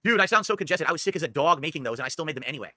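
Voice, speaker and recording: Fast, bright-voiced rambling male streamer. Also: a little high, animated, no room sound, studio quality. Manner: rambling and self-justifying. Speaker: streamer reacting to a documentary. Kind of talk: casual livestream talk.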